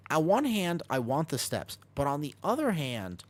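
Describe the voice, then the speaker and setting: A man live-streaming a video game, talking quickly and casually over the action as he guides his team and answers chat from his home streaming room. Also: fairly high pitch, wildly swooping pitch. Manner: talks fast over gameplay, jumps between coaching and chatting. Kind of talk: live gameplay commentary and chat.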